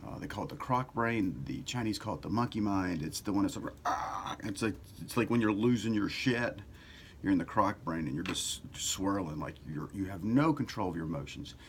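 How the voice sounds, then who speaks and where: Animated, low-voiced man giving a self-help talk. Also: a little fast, a little hiss or hum. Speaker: self-help author and video host. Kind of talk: casual motivational talk to camera.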